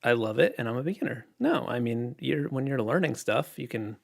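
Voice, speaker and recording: A man chatting casually on a livestream, reading out viewer questions and answering in a relaxed, rambling way with lots of fillers. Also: mid-range voice, fairly quick, vocal fry. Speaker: illustrator livestreaming.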